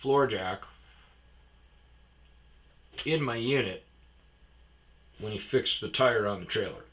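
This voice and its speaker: A man with a low, forceful voice tells a story in a loose, casual way. He is animated and swears a lot. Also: slow, muffled recording.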